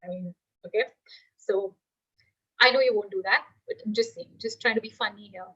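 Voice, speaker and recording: A woman's voice: mid-range voice, animated, moderate pace, fairly bright tone, breathy edge, muffled recording. A woman teacher giving a live online class, explaining with everyday examples and asking the class questions.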